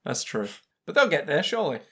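A man's voice: on the high side, sing-song, fast talker, pushed and bright, slightly rough. A man co-hosting a casual podcast about an anime, making playful jokes and hypotheticals. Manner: playful, jokey asides, trails off mid-thought. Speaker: podcast co-host. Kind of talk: casual anime recap chat.

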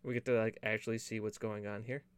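A man's voice: lowish voice, level tone, quick pace, clean tone. A man co-hosting a gaming podcast in casual, joking chat, rambling and full of puns. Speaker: podcast co-host running the stream.

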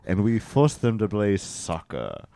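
A man performing an improvised comedy scene in a pompous, drawn-out manner. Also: fairly low pitch, very animated, vocal fry, mellow, no room sound.

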